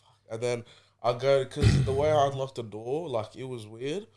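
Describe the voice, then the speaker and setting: A man's voice: mid-range voice, moderate pace, darkish tone. A young Australian man on a podcast, rambling through stories with plenty of swearing. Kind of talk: casual chat.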